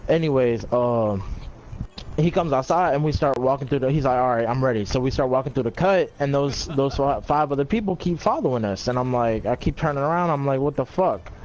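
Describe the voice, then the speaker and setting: A man tells a long story in a loose, rambling way, leaning on fillers and swearing freely. His voice sits at an ordinary pitch for a man. The audio is dull and muffled. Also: brisk, a little mellow, a little hiss or hum. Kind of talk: casual chat.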